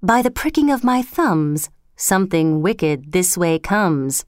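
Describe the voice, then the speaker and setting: Wicked old witch chanting spells, woman reading it, smooth clean voice. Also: fairly low pitch, animated, takes it slowly, no room sound, clean studio sound. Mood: ominous. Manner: chanting, sing-song rhythm.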